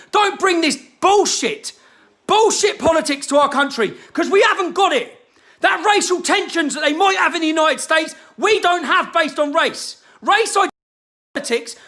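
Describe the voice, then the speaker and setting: Furious high-pitched man ranting. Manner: shouting, heavy swearing, hectoring questions. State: angry. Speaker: activist ranting to camera. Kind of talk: angry direct-to-camera rant.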